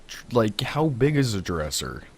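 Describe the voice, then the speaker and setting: Casting note: male podcast co-host with a lowish voice and a teasing, joking delivery. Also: sing-song, measured pace, a little mellow, breathy edge. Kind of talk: casual podcast chat.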